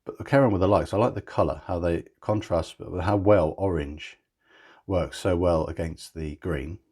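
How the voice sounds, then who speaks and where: Husky, low-voiced watch reviewer. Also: male voice, normal speed, a little mellow. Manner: enthusiastic, chatty, gushing with praise. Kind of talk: casual product review narration.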